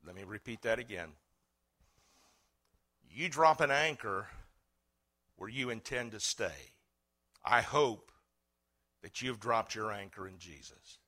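A middle-aged man preaching a sermon, swinging between loud fervent cries and quiet earnest talk. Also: on the low side, lively intonation, slow, pauses often. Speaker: pastor.

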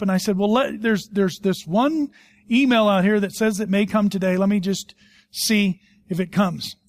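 High-voiced pastor preaching with swings of volume. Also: male voice, normal speed, dry recording, clean studio sound. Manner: animated storytelling, swings between loud and hushed. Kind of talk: sermon.

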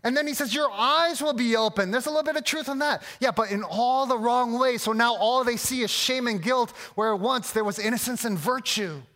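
A male pastor delivering a sermon in a noticeably high voice. He talks in an earnest, emphatic way and often stumbles and restarts his phrases. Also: brisk, few pauses, pushed and bright.

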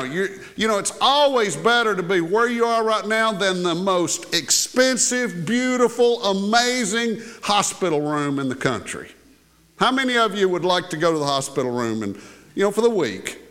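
Folksy pastor telling a story. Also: male voice, high-pitched, sharp tone. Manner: folksy storytelling, conversational asides. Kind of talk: sermon.

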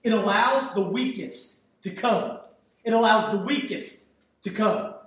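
A man's voice: high voice, unhurried. A man preaching a sermon as pastor, in a conversational, emphatic way with frequent repeats and restarts. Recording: echoey hall, speaker far from the mic.

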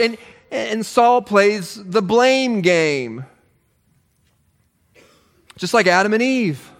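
Man, pastor, sermon, high voice, animated, emphatic, echoey hall. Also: drawn-out words, creaky, long pauses.

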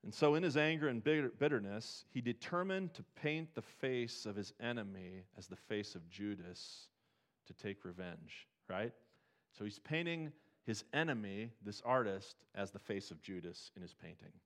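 A man preaching a sermon, telling stories and moving between quiet, reflective passages and loud, emphatic ones. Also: lowish voice, lively intonation, normal speed. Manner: storytelling, swings from quiet to emphatic.

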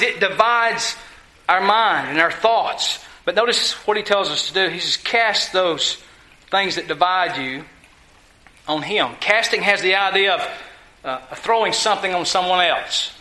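A man's voice: high voice, lively intonation, a little slow, pushed and bright. A man preaching a sermon in a folksy, conversational way, full of rhetorical questions to his church. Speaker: pastor. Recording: echoey room.

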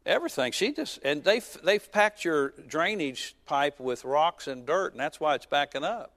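A man voicing a shaken, nervous male plumber who speaks in a hushed, rattled way. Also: fairly high pitch, animated, moderate pace, big-room sound.

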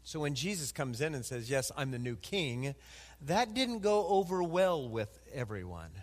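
A man preaching a sermon as pastor, animated and acting out quoted voices. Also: on the high side, a little slow, big-room sound.

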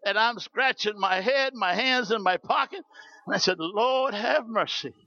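A man from New Zealand with a New Zealand accent, preaching a sermon through animated storytelling. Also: high-pitched, moderate pace, no echo, lo-fi sound. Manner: animated, storytelling with acted quotes.

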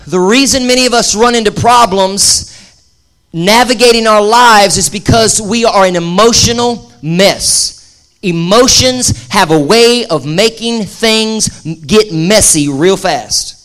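A male pastor preaching a lively sermon, mixing jokes and acted-out asides with shifting pace. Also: high-pitched, slow.

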